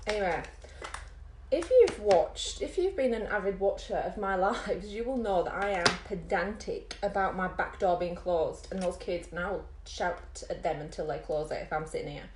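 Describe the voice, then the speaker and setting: A woman vlogging and telling a rambling story in an animated way, full of fillers. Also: on the low side, moderate pace, slight background noise. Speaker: makeup vlogger. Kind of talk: chatty storytelling. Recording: roomy echo.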